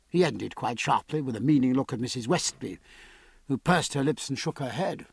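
A man narrates in a measured storytelling voice with a lively, rising and falling pitch. His tone is slightly husky and the recording is dry and close. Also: no room sound. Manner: measured, expressive storytelling with varied character voices. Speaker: audiobook narrator. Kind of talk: scripted narration.

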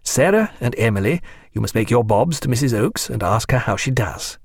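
A man voicing a warm, watchful naval surgeon and father, speaking briskly and kindly in a storybook reading. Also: mid-range voice, expressive, husky, no room sound, studio quality.

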